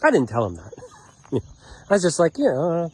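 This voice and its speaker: A man rambling through a personal story for his vlog, profane and full of fillers, acting out what people said and sometimes shouting. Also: fairly high pitch, quick pace, husky. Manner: animated, profane, many fillers and restarts; acts out quoted lines, sometimes shouting. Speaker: vlogger telling a personal story.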